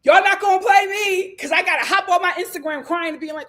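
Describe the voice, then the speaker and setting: High-pitched, sassy woman commentator. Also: brisk, hardly any pauses. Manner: animated, sassy, swinging between shouts and low asides. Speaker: commentary channel host. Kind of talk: casual reality-show commentary.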